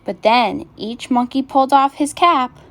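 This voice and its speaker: A woman reading a picture book aloud with gentle, expressive narration. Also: high voice, a little slow. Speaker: storyteller.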